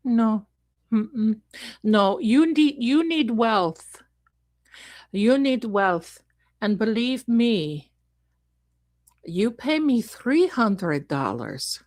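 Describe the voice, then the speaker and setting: A woman's voice: a little high, animated, very slow, long pauses, a little mellow, no echo. A woman voicing a greedy woman fortune teller who runs a scam, with wheedling sales patter and broken grammar. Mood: haggling. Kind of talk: comic improvised role-play.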